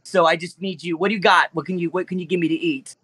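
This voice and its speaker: A high, bright, nasal voice for a big pet T-Rex who can't stop complaining about being stuffy and starving, as a man puts him on. He whines and kvetches in a dry close tabletop-game recording. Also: steady tone, quick pace, breathy edge, no echo, full character voice. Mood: defensive. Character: fussy hungry male pet T-Rex.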